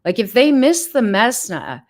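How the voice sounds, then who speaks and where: A woman's voice: fairly high pitch, very animated, measured pace. A woman vlogger telling a story in a casual livestream chat, emphatic, exasperated and blunt.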